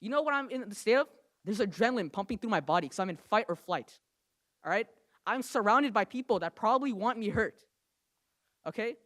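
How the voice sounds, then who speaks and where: A young man from New Jersey makes a passionate case during public comment at a council meeting, speaking rapidly and with emphasis and ending phrases with "okay?" and "right?" He has a high pitch, lively intonation, and a fairly bright tone.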